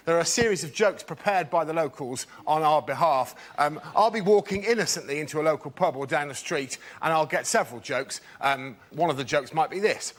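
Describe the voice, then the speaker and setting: Mock-indignant British male comic. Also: a little high. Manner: mock-indignant, lively storytelling. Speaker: comedian. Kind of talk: stand-up routine. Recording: TV studio with heavy noise.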